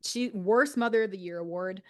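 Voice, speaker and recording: A woman's voice: mid-range voice, moderate pace. Chatty young woman gossiping. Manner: chatty, animated, swears freely. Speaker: podcast co-host. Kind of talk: casual gossip chat.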